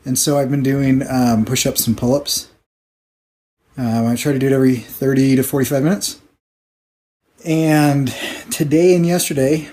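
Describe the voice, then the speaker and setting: A man's voice: medium pitch, steady tone, measured pace, long pauses, warm tone. A man vlogging casually, out of breath, rambling with lots of fillers. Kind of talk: casual talk while working.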